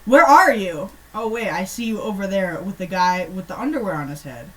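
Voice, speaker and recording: A woman's voice: mid-range voice, animated, fairly quick, a bit bright, lightly acted. A woman voicing a weird, dramatic boy who writes silly letters, melodramatic and cackling. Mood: frantic. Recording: distant mic, faint background hum.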